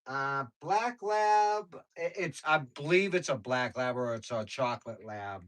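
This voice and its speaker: A man's voice: mid-range voice, animated, unhurried, a bit bright, low-quality recording. A man hosting a livestream, casually chatting with viewers and telling rambling stories with slangy speech and frequent laughs. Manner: rambling, storytelling, laughs often. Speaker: livestream host.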